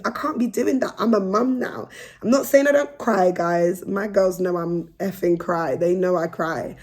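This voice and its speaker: A young woman chatting frankly and with energy to her phone camera as a vlogger. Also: fairly low pitch. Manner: frank, animated, laughs between points. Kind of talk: casual chat to camera.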